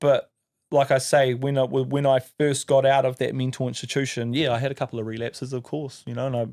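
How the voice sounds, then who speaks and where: A man's voice: mid-range voice, little pitch movement, brisk, darkish tone. A man in his thirties with a New Zealand accent, a podcast guest telling an emotional story, swearing freely and acting out other people's voices.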